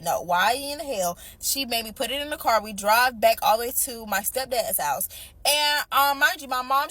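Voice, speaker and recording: Young woman, high voice, casual storytime, chatty, slangy. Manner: chatty, animated, slangy retelling with fillers.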